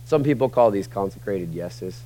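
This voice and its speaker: A male pastor preaching a sermon, swinging between loud emphatic peaks and quiet conversational asides. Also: deep voice, animated, normal speed, a little hiss or hum.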